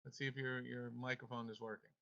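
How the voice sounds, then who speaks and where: Man teaching a class on a video call, bright sharp voice, playful and pushy, muffled call audio. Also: medium pitch, level tone, quick pace, creaky. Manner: emphatic, playful, coaxing students. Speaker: teacher leading a devotional class. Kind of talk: online class devotional and Torah reading.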